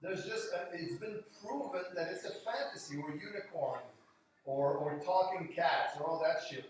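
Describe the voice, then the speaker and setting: Emphatic skeptical guy, fairly high voice, sounds far off the mic. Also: normal speed. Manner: emphatic and skeptical, acts out other people's words. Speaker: conversation partner. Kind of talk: casual conversation. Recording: very echoey room, voice from far off the mic.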